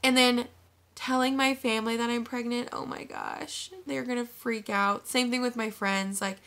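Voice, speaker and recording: A woman's voice: on the high side, flat delivery, normal speed, a bit bright. A woman in her twenties vlogging to her phone camera, chatty and gushing, filling her talk with "like". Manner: bubbly, gushing, says "like" constantly. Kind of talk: casual chat to camera.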